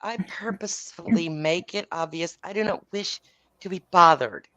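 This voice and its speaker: A woman's voice: on the low side, normal speed, fairly bright tone, dry recording. Blunt, profane Texan woman storyteller. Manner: blunt, profane, laughs while telling stories. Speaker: podcast host. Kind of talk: casual storytelling chat.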